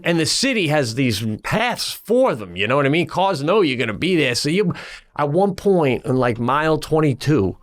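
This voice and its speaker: A middle-aged man co-hosting a podcast, telling a story in a casual, animated way and acting out his own exasperated lines. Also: medium pitch. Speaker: podcast co-host.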